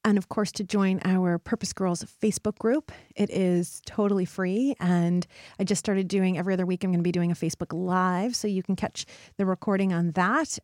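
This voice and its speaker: A woman's voice: fairly low pitch, warm tone, no echo, clean studio sound. A woman hosting a motivational solo podcast, speaking to her listeners in an earnest, encouraging way. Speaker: podcast host.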